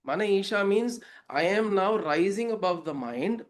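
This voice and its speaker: A man's voice: sits high, expressive, normal speed. A man explaining a scripture verse as a spiritual teacher, reflective, asking rhetorical questions and telling parables.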